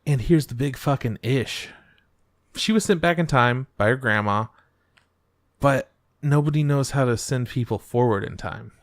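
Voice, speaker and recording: Guy on a podcast recapping anime, swears a lot, middle pitch, dry close sound. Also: normal speed, no echo. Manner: profane, animated retelling with falsetto quotes. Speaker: podcast co-host. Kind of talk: casual chat recapping anime.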